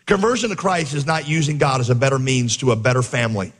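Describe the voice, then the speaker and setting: A man preaching a sermon, telling a funny story and acting out his own shouts as a coach. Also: mid-range voice, fast, big-room sound. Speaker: pastor.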